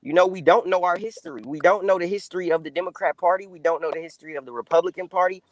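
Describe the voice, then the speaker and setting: A man's voice: high voice, racing, no room sound, low-quality recording. A man speaking as a guest in a casual political discussion, loose and conversational with lots of fillers.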